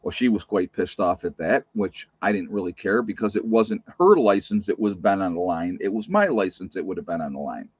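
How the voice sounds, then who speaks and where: A man's voice: deep voice, a little fast, few pauses, darkish tone, slightly rough, no room sound. A man who works as a nurse tells stories from his shifts in a blunt, plainspoken, emphatic way, in a casual vlog. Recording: dull, muffled recording.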